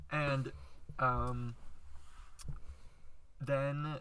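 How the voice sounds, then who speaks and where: A young man from Canada co-hosting a podcast, telling an animated story and acting out other people's lines. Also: medium pitch, fairly quick, noisy background. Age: young adult. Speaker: podcast co-host. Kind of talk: casual storytelling chat. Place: outdoors, in a thunderstorm.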